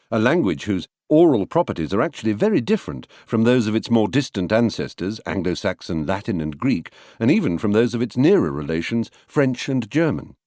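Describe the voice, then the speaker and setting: A man's voice: on the low side, a little mellow, no echo, clean studio sound. A man reads a lesson on word stress aloud in a wry, explanatory way and sounds out examples of stress as he goes. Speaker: reader of a book on verse. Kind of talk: scripted audiobook narration.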